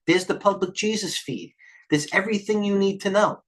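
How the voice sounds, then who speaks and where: A middle-aged man hosting live market commentary, rambling and jumping between tangents. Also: high voice. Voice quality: occasional cursing, blunt and fast-thinking. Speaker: trading stream host.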